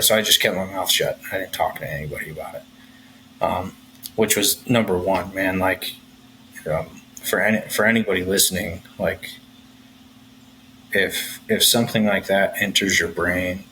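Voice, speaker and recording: Man, podcast guest, low voice, candid storytelling, frank and profane. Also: pushed and bright, slight background noise, poor audio. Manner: frank, swears freely.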